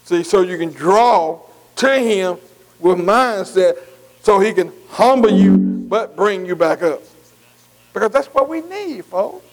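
A man's voice: high-pitched, poor audio. A man preaching a folksy sermon, calling out to the congregation. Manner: folksy, call-and-response preaching with dialect.

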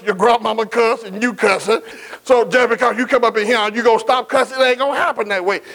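A man's voice: very high-pitched, fairly bright tone, rough recording. A man. He keeps calling out to the congregation for an answer. He stretches out each scripture quote and mixes in folksy asides. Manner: call-and-response preaching, drawn-out scripture quotes, folksy asides. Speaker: pastor. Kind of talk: sermon.

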